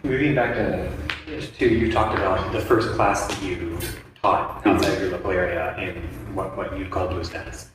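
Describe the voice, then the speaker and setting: A man interviewing a dancer, asking measured questions with some hesitation. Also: low voice, fairly even intonation. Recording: echoey room, distant mic, background noise.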